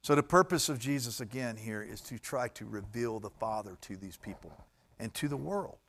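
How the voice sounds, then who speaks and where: A male preacher delivering a sermon in an animated way, swinging from hushed, intimate lines to loud, emphatic ones. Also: on the low side, normal speed.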